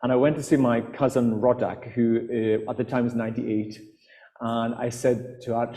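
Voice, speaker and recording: A man's voice: medium pitch, normal speed, warm tone. A man from the Outer Hebrides with a Scottish accent, telling stories to a live festival audience, hesitant with fillers and restarts. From Outer Hebrides, Scotland. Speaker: author and guest speaker. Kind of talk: storytelling talk to a live audience. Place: festival hall. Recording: reverberant hall on live mic.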